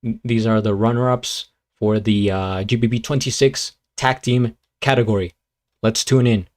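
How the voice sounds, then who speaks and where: A man hosting a live reaction stream, chatting at an unhurried pace. He drifts between thoughts, corrects himself and fills the gaps with ums and likes. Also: fairly low pitch. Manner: relaxed, rambling, lots of fillers and self-corrections. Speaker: streamer reacting to beatbox videos. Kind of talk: casual live-stream commentary.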